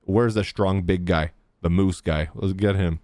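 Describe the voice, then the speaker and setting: A man's voice: deep voice, steady tone, unhurried, darkish tone, dry recording, soft background music. A young man streaming a game, heckling and cursing at the characters on screen. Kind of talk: reacting to gameplay.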